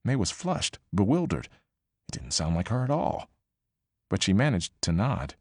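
A man with a lowish voice narrates fiction in a measured, expressive reading, his pitch rising and falling with animation. The recording is dry and close to the mic, with no room echo. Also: slightly rough. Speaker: audiobook narrator. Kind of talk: scripted narration.

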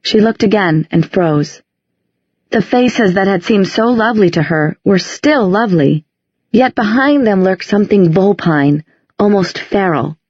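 A woman narrating an audiobook in a measured, descriptive storytelling manner, recorded in a dry, slightly muffled sound. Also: medium pitch, animated, darkish tone, husky, no echo. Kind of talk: scripted narration.

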